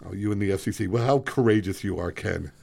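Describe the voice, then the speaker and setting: A man co-hosting a radio show, joking around with wry, teasing, deadpan banter. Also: lowish voice, fast talker, gravelly. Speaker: radio co-host.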